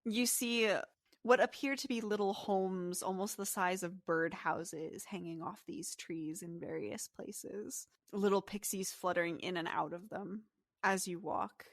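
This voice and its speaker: A woman's voice: lowish voice, dry recording, studio quality. Woman narrating as game master. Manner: descriptive, softly paced.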